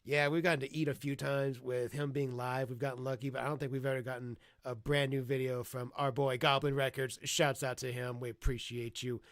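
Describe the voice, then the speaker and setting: Gravelly man mocking in dry commentary. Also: mid-range voice, little pitch movement, a little fast, few pauses, no echo. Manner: mocking, profane, gleeful. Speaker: streamer reacting to videos. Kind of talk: live stream commentary.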